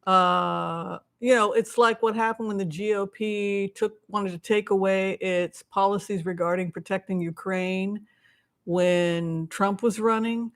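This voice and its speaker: A woman's voice: medium pitch, fairly even intonation, unhurried. Rambling woman hosting a live chat. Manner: rambling, chatty, thinks aloud with many asides; reads out and answers viewer questions and thanks donors. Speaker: tarot reader hosting a members' live stream. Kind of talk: casual live-stream chat.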